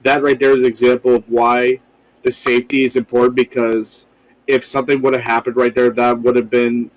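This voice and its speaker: A man's voice: medium pitch, level tone, a little fast, low-quality recording. Rambling man swearing on a podcast. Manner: loose, profane, rambling with fillers. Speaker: podcast co-host. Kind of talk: casual podcast chat.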